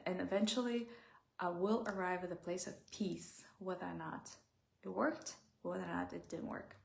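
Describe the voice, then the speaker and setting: Woman, mid-range pitch, gravelly fry, heartfelt and searching for words, in a roomy echoey space. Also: fairly even intonation, normal speed. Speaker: self-help speaker. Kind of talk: reflective personal talk.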